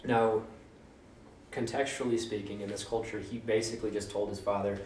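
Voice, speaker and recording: A man preaching in an easygoing, joking way, slipping into mock voices. His voice sits low. It rings with room echo and sounds set back from the microphone. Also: level tone, moderate pace, a little mellow, a little hiss or hum. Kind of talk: casual conversational sermon. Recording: roomy echo, mic at a distance.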